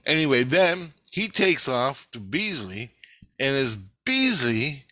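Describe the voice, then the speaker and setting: A man's voice: medium pitch, very animated, slow, sharp tone, no room sound. A middle-aged man in an agitated, rambling vlog monologue, swearing heavily.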